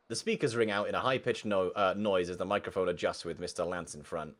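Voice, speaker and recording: A man's voice: low-pitched, lively intonation, brisk, a bit bright. A young man reading a visual novel aloud and reacting casually, often swearing. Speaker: game streamer. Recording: faint game music underneath.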